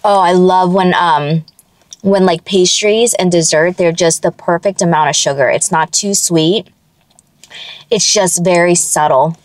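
A woman's voice: on the low side, measured pace, dry recording. A young woman hosting a mukbang, chatting casually to viewers between bites into a close mic. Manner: chatty, tasting food between lines, addresses viewers as friends. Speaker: mukbang host. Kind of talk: casual eating-show chat to viewers. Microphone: close mic that picks up swallowing.

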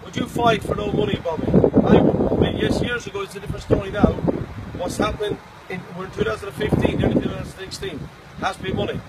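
Fighter issuing a boastful, repetitive challenge, high voice, wind roaring on the mic. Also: male voice, steady tone, fast talker. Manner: repetitive, boastful, greetings mixed with taunts. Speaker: bare-knuckle fight challenger. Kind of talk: rambling challenge video message. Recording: loud wind noise on the mic.

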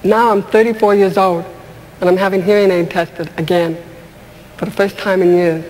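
A woman comedian and speaker telling stage stories in an animated way, asking the audience questions and laughing along. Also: mid-range voice, normal speed, a little hiss or hum. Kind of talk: stand-up storytelling. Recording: large hall with long reverb, faint ambience.

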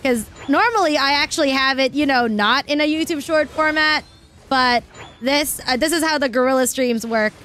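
A young adult woman chatting casually with her viewers while she plays a game, excitable and quick to laugh, cursing when things go wrong. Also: sits high, slight background noise. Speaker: streamer. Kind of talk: casual live-stream chat while gaming.

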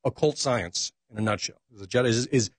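A man's voice: mid-range voice, brisk, dry recording. A man speaking as a talk show guest, reflective and hesitant, with many ums and uhs. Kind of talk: casual political talk.

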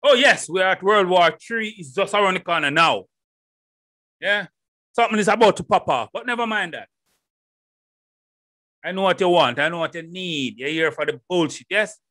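A middle-aged man with a Jamaican accent, hosting a solo podcast and talking straight to his listeners with loud, animated rhetorical questions. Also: high voice, moderate pace, long pauses, no room sound, clean studio sound. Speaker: podcast host. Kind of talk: casual solo podcast monologue. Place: home room in Holland. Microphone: headphones and desk mic.

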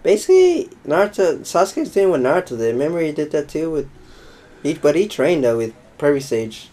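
A man's voice: a little high, very animated, brisk, warm tone, poor audio. A young man casually chatting over gameplay as a let's play host, rambling and joking with viewers. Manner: rambling, playful, addresses viewers as folks.

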